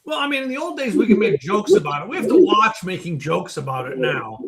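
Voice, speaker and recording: A man's voice: high voice, big pitch swings, a little fast, crowd noise. A man co-hosting a podcast in casual chat, teasing and joking with his co-host.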